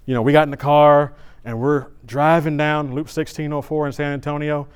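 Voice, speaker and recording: A middle-aged man preaching at a church service, telling a personal story in a conversational, animated way with frequent restarts. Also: fairly high pitch, moderate pace, smooth.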